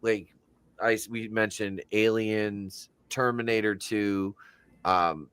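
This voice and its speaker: Low, smooth-voiced man chatting movies. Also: fairly even intonation, takes it slowly, a bit bright, dry recording. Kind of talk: casual movie discussion.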